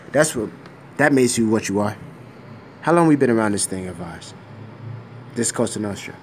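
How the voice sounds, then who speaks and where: A man's voice: mid-range voice, darkish tone, slight background noise, voice pushed up, natural voice. A man reading a script aloud as a tough older mafia boss who lectures emphatically about loyalty and rules.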